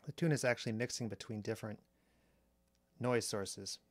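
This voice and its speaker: A man calmly explaining a drum machine's sounds step by step, pausing between phrases as he demonstrates. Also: on the low side. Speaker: synth reviewer. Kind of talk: technical demo narration. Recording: strong mains hum on the mic.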